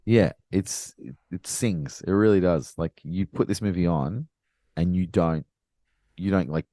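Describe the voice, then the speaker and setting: A man's voice: low-pitched, a little slow, warm tone, no echo, clean studio sound. A man co-hosting a podcast, chatting about films and building long, emphatic arguments. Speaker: podcast co-host. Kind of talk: casual film chat.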